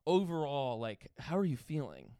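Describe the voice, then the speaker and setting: A man co-hosting a podcast in loose, playful banter, swearing freely. His voice sits a little high and sounds smooth and clear. The recording is dry and close. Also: very animated, normal speed, dark tone, no echo. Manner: laughing, profane banter. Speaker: podcast co-host. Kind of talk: casual chat.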